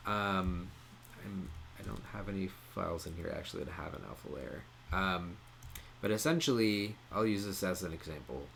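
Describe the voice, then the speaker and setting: Man, lowish voice, relaxed screen-share tutorial, lots of ums, faint room hiss behind. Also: gravelly. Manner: relaxed, many "um" pauses, explains step by step. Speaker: streaming tutorial presenter.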